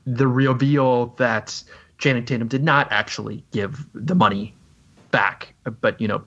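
A man with a slightly husky voice asks careful, hesitant questions in a casual film chat. His delivery is polite and full of small pauses. The recording sounds a bit dull and lo-fi. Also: mid-range voice, fairly even intonation, a bit bright. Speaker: podcast host.

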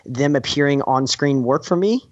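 A man of middle pitch chats loosely about a film, stumbling through restarts and slipping into little acted-out quotes. The sound is dull and a bit lo-fi. The room is dry, with no echo. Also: moderate pace. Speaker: podcast co-host. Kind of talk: casual film discussion.

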